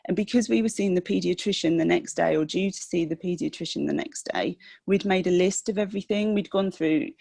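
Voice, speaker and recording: A young woman, a podcast guest, telling the story of her sick child in a halting, emotional way with many restarts. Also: fairly low pitch, gravelly, a little mellow, no room sound. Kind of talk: personal storytelling in a podcast interview.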